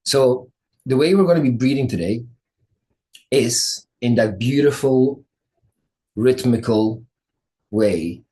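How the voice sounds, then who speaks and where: Man, breathwork coach, guided meditation, slow soothing pacing, warm dark tone. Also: medium pitch. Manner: slow, soothing guidance with many pauses.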